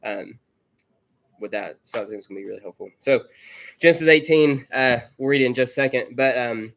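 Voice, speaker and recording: A man in a mid-range voice leads a small church gathering, introducing a sermon reading. He talks in a relaxed, conversational way, unhurried and informal. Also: medium pitch. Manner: relaxed, conversational, leading sharing time. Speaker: pastor.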